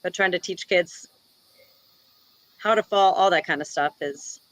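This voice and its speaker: A woman's voice: lowish voice, measured pace, fairly bright tone, rough recording. A woman from Wisconsin, a jiu-jitsu instructor, talking casually in an interview and filling her sentences with "like" and "you know.". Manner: chatty, many "like" and "you know" fillers. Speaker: guest, jiu-jitsu black belt and instructor.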